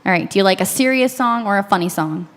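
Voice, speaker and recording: A woman hosting an interview, chiming in with supportive quick interjections. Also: mid-range voice, animated, long reverb tail. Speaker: interview host. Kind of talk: casual interview.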